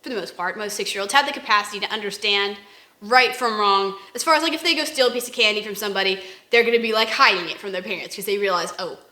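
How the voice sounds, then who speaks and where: A woman's voice: mid-range voice, quick pace, bright, forceful tone. A woman co-hosting a casual faith discussion, rambling and acting out examples in quoted voices. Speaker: podcast co-host. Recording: roomy echo.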